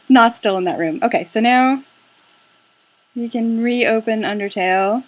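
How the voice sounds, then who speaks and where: A woman's voice: a little high, measured pace, long pauses. A woman playing a video game and chatting casually to viewers, loose and a bit sweary. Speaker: let's play gamer.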